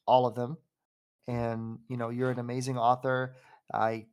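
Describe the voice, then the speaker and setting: A man's voice: mid-range voice, monotone, measured pace, a little mellow, clear, resonant tone. A man in his twenties hosting a podcast, telling a personal story in a rambling, heartfelt way. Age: 20s. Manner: rambling and heartfelt, with frequent fillers and restarts. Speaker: podcast host. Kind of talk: casual conversational storytelling.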